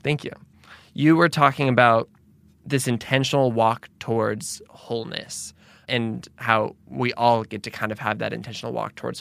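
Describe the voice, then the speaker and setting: A man's voice: medium pitch, creaky, fairly bright tone, no echo. A man hosts a conversational interview in a dry, close-miked recording. His voice sits in the middle range, and he reflects aloud, circling back and rephrasing as he works his thoughts out. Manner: reflective, thinks aloud with restarts. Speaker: podcast host.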